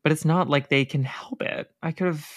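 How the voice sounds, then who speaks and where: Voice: medium pitch, normal speed, no room sound, clean studio sound, lightly acted. A podcast reader voicing a hurt, guarded teenage boy demigod while reading a novel aloud. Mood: upset.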